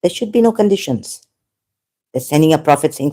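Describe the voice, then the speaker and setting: A woman's voice: low voice, expressive, a little fast, warm tone. A woman talking in an unscripted monologue as an online commentator, impassioned and rambling, often repeating herself.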